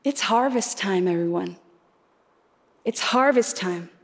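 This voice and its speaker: A woman's voice: medium pitch, takes it slowly. A woman preaching a sermon, earnest and reflective, posing rhetorical questions to her congregation. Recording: reverberant hall.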